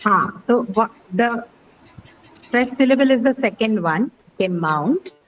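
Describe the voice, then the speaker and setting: A woman's voice: a little high, unhurried, poor audio. A woman teaching pronunciation in an online class, patient and step by step, repeating words and asking "okay?". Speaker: English teacher.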